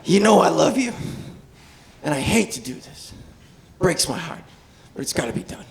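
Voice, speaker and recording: A woman's voice: animated, measured pace, gravelly, fairly bright tone, full character voice. A woman doing an exasperated police chief. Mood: sorrowful. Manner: weary, lowered voice. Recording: noisy club with laughing crowd.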